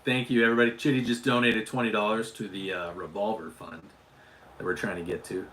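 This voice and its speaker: A man's voice: fairly low pitch, flat delivery, brisk, a bit bright. A man from Utah hosting a casual livestream, chatting with viewers and often restarting and repeating his words. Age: adult father. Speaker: livestream host.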